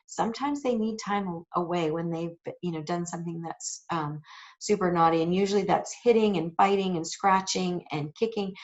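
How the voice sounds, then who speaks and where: A woman's voice: lowish voice, a little mellow. A woman giving informal parenting advice in a conversational way, with many fillers and asides. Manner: conversational with many fillers, acts out quoted scolding. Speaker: parenting educator. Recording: dull lo-fi recording.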